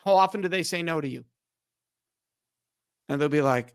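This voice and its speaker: A man's voice: fairly high pitch, normal speed, clean tone, dry recording. A middle-aged man and podcast guest, explaining emphatically and acting out quoted dialogue in conversation. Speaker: podcast guest, speaker on respect.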